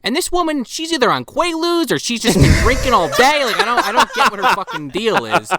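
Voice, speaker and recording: A man co-hosting a casual movie review podcast, animated and swearing often. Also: very high-pitched, a little fast, over a noisy crowd. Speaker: podcast co-host.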